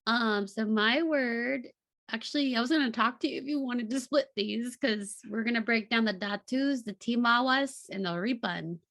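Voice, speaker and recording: Gravelly-voiced woman podcast co-host. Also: a little high, moderate pace, a bit bright, dry recording. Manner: chatty, laughs, trips over long words. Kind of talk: casual book club chat.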